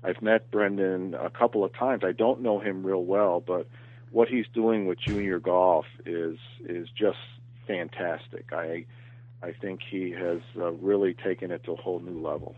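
An earnest man answers interview questions, often restarting and repeating words as he thinks. His voice is low and husky. He comes through a tinny phone line that sounds dry and close. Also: steady tone, moderate pace. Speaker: golf professional, interview guest. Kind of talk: podcast interview.

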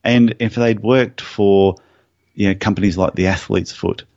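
A man's voice: fairly low pitch, a little slow, no room sound, highs cut off. A man who is a podiatrist, guest on an interview podcast, telling anecdotes in a casual way. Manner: storytelling, animated anecdotes.

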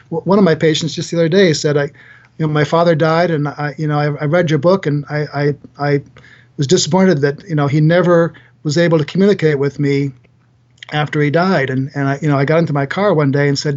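A man's voice: a little high, a little fast, darkish tone, lo-fi sound. A man in his sixties, a doctor and author, telling earnest stories in a podcast interview with frequent repeated words. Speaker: guest, physician and author.

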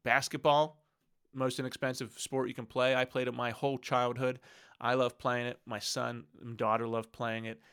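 A man's voice: mid-range voice, vocal fry, fairly bright tone, clean tone. A man in his thirties hosting a solo podcast, talking in an earnest, conversational way about family life. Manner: earnest, conversational, with quoted inner thoughts. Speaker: podcast host. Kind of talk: casual solo podcast talk.

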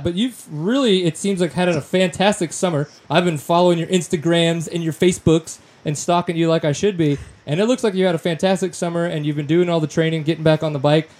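A man from Louisiana hosts a casual podcast chat, reading sponsor plugs with loose slang and easy jokes. His voice sits a little high for a man. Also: a little mellow. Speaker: podcast host.

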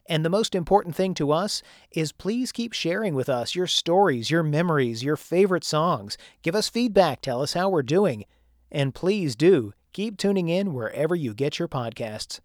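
A man's voice: on the high side, no room sound, clean studio sound. A man host delivering an upbeat, friendly scripted sign-off for a podcast. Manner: upbeat, friendly call to action.

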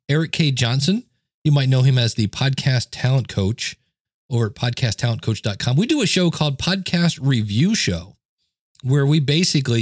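A chatty male podcast host walks through audio tips in a relaxed, self-deprecating way. His voice sits at a middle pitch and is close-miked on a studio microphone. The sound is dry and free of room echo. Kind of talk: casual how-to talk. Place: home desk setup. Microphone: dynamic studio mic, close.

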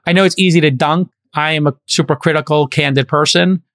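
A man's voice: on the high side, steady tone, fairly quick, fairly bright tone, no echo, studio quality. A man in his fifties, an investor hosting a podcast, talking in a casual, emphatic and preachy way. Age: 50s. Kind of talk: casual chat.

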